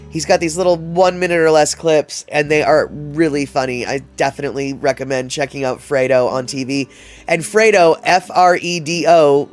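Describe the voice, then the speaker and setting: A man hosting a livestream, chatting casually and reading out viewer comments in a rambling way, with many fillers and restarts. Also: fairly high pitch. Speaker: livestream host.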